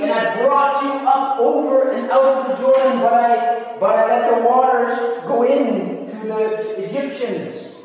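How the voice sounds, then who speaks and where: A man preaching a sermon, emphatic, asking rhetorical questions and repeating phrases. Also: very high-pitched. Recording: echoey hall, voice far from mic.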